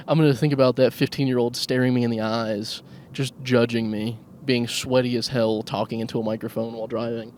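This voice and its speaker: Mid-range and darkish in tone, the podcast host's voice carries slight background noise as he does his solo comedy show from behind the wheel. He holds the mic in hand, jokes crudely at his own expense, and laughs a lot.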